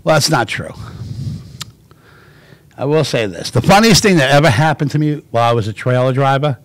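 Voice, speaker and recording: A middle-aged man hosting a livestream, telling stories in an animated, laughing way. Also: medium pitch, a little fast, no room sound. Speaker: show host. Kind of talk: casual storytelling on a livestream.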